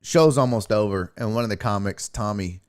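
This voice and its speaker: On his own show, a young man spins road-trip tales in a somewhat low voice, speaking briskly with a clean tone. He's animated and profane, performing other people's lines as he goes.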